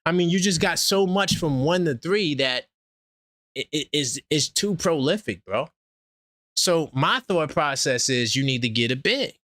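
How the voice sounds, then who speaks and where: New guy ranting on his fan stream, pitch all over the place, dry close sound. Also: a little slow, no room sound. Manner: animated, trash-talking, swings between loud outbursts and low asides. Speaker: sports channel host. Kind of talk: casual fan commentary stream.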